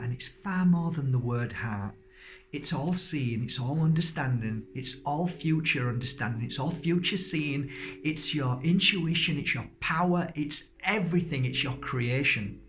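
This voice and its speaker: A man's voice: medium pitch, fairly bright tone. A middle-aged man giving a spiritual workshop talk, emphatic, at times acting out anxious little voices. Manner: emphatic, acts out little voices of worry and exclaims.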